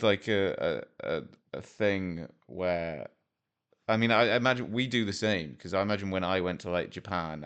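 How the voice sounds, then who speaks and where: A man's voice: low voice, a bit bright, clear, resonant tone. A man from Wales giving rambling, jokey, self-deprecating commentary as a vlogger, full of fillers. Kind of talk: casual commentary over a map game.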